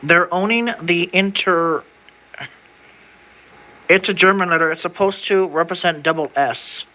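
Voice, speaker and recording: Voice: medium pitch, unhurried, pushed and bright, rough recording. A young adult streamer in casual livestream chat, reading an old document aloud in a slangy way, stumbling over words and sounding them out.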